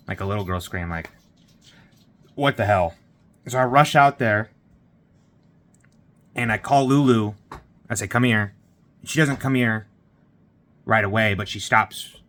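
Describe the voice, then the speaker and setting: A man's voice: lowish voice, fairly bright tone. A man vlogging, retelling a morning story in a rambling way with lots of fillers and quoted dialogue. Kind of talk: casual vlog storytelling.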